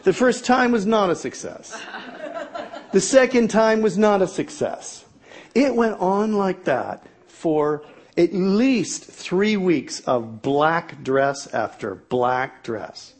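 A man's voice: high-pitched, animated, slow pace. A middle-aged man telling a humorous personal story to an audience in a self-mocking, exaggerated comic way.

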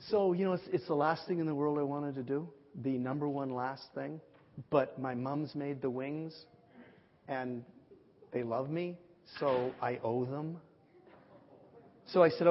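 A man preaching and telling stories, acting out the dialogue with lively shifts. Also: a little high, measured pace. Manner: animated storyteller, acts out dialogue. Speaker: pastor. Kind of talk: sermon storytelling. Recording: muffled sound with long hall reverb.

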